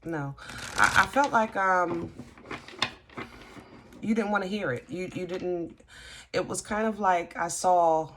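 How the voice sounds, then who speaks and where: A woman giving a casual tarot reading, halting and gently reassuring, often restarting her sentences. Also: on the low side, slight background noise. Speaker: tarot reader.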